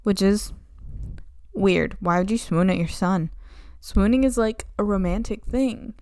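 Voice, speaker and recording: A woman's voice: medium pitch, measured pace, a little mellow, no room sound, studio quality. A young woman recapping a play's plot in a flippant, sarcastic, casual way. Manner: flippant, sarcastic, slipping into mock voices. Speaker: video essayist.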